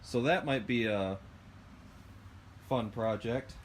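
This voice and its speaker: A man's voice: medium pitch, takes it slowly, a little hiss or hum. Chatty man in a garage. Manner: chatty, explains as he works, uses fillers. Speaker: vlogger building a go-kart. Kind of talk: casual workshop chat.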